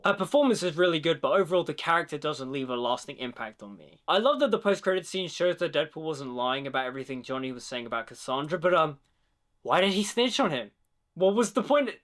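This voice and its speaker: Young male film reviewer, slightly high-pitched, casual and chatty, enthusiastic reaction commentary. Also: quick pace. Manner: chatty, fills speech with "like"; enthusiastic, quotes lines in animated voices.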